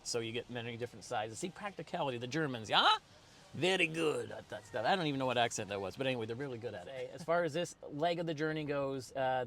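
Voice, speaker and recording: Middle-aged male car reviewer, in-car, casual and upbeat with filler, average pitch, faint road noise. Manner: chatty, upbeat, lots of ums and asides. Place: inside a car, driving.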